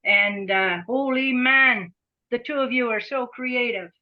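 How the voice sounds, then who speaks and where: A woman's voice: on the high side, measured pace. A middle-aged woman leading an agency, talking earnestly as a podcast guest and often repeating words as she searches for them. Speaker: executive director, podcast guest. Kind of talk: reflective conversation. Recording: dull lo-fi sound.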